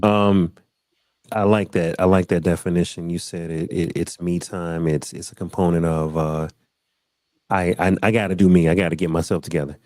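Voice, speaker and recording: A man's voice: low voice, level tone, moderate pace, darkish tone, no room sound. A man hosting a casual panel chat, loose and repetitive, often calling out to the group. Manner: loose, repeats phrases, says y'all. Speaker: host.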